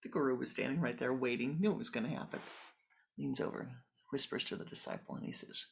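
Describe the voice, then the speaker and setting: A spiritual teacher giving a sermon, telling a parable calmly and guiding a meditation. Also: medium pitch, creaky. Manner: calm, measured storytelling with pauses.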